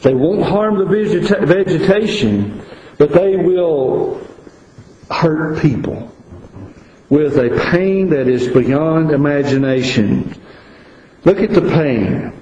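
High-voiced man preaching in an echoey room. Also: expressive, takes it slowly, muffled recording, a little hiss or hum. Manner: earnest, swings between quiet asides and rising emphasis. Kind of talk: sermon.

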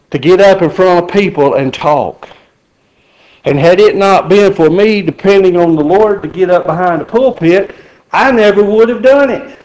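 Folksy preacher, high voice. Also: male voice, a little mellow, rough recording. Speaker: pastor. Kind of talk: sermon.

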